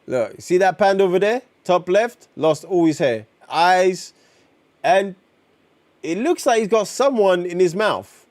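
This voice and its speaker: Slangy streamer. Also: male voice, high-pitched, unhurried, dry recording. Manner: slangy and excitable, reacting to chat. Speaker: streamer reading comics. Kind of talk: casual live-stream chat.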